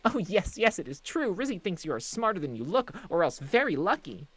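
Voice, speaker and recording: Reezy, a squeaky little kobold girl. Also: very animated, fairly quick, no room sound. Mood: eager. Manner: squeaky, sing-song, repeats herself, talks in third person. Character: excitable little female kobold servant. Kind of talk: live-streamed game voice acting.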